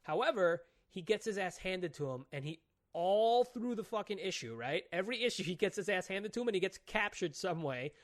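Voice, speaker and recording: Man, podcast co-host, casual chat, excitable, profane, rambling plot recaps, fairly high voice. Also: normal speed. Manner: excitable, profane, retells plots at length.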